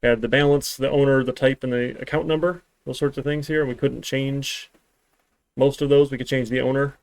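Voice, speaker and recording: A man's voice: medium pitch, steady tone, fairly quick, creaky, dry recording. A man teaching a programming class in a live-streamed lecture, talking in a rambling way with dry, sarcastic asides. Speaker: programming instructor.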